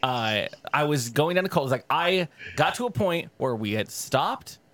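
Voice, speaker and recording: A young man co-hosting a podcast, telling a story in casual, profane chat with sudden pitch jumps. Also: animated, moderate pace, fairly bright tone, dry recording. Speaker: podcast co-host.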